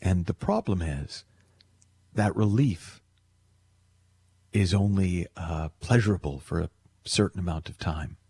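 A man hosting a radio call-in show, talking earnestly and reflectively and slowing down for emphasis. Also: low-pitched, animated, warm tone, husky. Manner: earnest, storytelling, slows for emphasis. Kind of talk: reflective radio talk on love.

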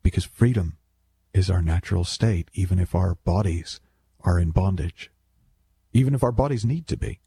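A man's voice: deep voice, normal speed, mellow, breathy edge, no echo. A man talking as a self-help speaker in a casual, reflective monologue, rambling and wry with many self-corrections.

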